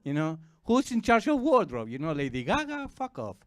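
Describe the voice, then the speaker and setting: On a club stage, an Argentine man with an Argentine Spanish accent performs stand-up comedy at a moderate pace. He's animated, breaking into shrieking, high, silly voices, and there's no echo.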